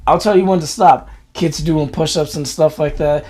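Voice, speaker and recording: A man's voice: a little high, fairly even intonation, moderate pace, a little mellow. A man in casual conversation telling a story, often quoting people in a raised voice. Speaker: podcast co-host. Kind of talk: casual chat.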